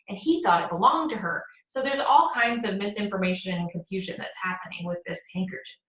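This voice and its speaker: A woman teacher talks through a play in a relaxed, conversational lecture, stopping to read quoted lines in a plain voice. Her pitch sits in the middle range for a woman. The room around her rings with echo. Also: brisk, few pauses. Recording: echoey room.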